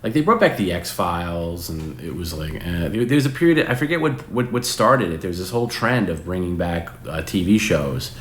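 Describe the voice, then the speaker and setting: A man's voice: low voice, sing-song, moderate pace, few pauses, fairly bright tone. A man in his forties hosting a live stream, chatting casually with viewers in a rambling way, restarting sentences and swearing now and then. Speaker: host. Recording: roomy with faint background noise.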